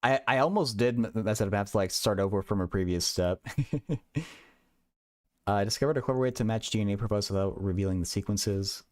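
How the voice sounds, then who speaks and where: A man's voice: lowish voice, quick pace, hardly any pauses, a little mellow, no echo, studio quality. A young man hosting a casual livestream, thinking aloud in a rambling way with many stammered restarts. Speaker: livestream host.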